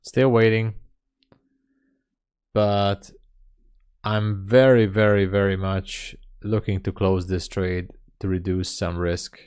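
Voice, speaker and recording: Slow, low-voiced trader. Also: male voice, clear, resonant tone. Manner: relaxed, reads chat aloud, thinks out loud. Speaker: day trading livestream host. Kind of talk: casual live trading chat.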